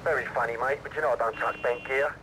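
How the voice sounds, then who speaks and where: A chirpy English small-time crook, played by an actor in a video game. He talks fast and breezy with wisecracks. Faint noise sits underneath. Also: mid-range voice, steady tone, bright, forceful tone, lightly acted, low-quality recording. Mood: cheeky. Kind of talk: video game cutscene voice acting.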